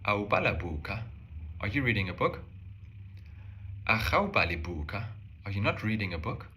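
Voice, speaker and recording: Deep, bright-voiced man teaching a language. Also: a little hiss or hum. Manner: calm step-by-step explanation, slowing on example phrases. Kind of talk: explaining a language lesson.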